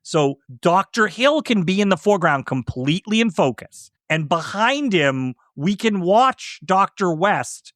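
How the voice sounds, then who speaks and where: A man's voice: high-pitched, big pitch swings, unhurried, few pauses, a bit bright, dry recording, clean studio sound. A man co-hosting a podcast, explaining film technique in casual chat and laughing often. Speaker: podcast co-host.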